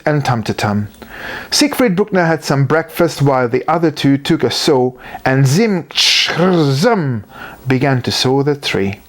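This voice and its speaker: Children's story reader, slow measured pace, lively swooping voice. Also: medium pitch. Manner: animated and unhurried.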